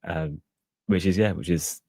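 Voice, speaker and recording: A man's voice: low-pitched, unhurried, gravelly, mellow, breathy edge, no room sound. A man hosting a casual solo podcast, rambling and hedging with lots of fillers. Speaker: podcast host.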